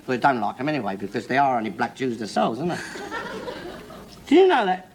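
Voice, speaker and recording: An actor playing a blustering, bigoted older working-class man who lectures loudly and swears constantly. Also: medium pitch, sing-song, fast talker. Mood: lecturing. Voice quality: loud, hectoring, swears constantly. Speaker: sitcom character. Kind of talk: 1970s sitcom acting. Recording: studio audience laughter and hiss.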